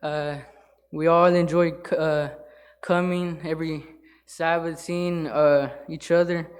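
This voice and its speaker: A man giving an informal sermon in church, halting, with many fillers and restarts. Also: a little high, flat delivery, smooth. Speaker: lay church speaker. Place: church sanctuary.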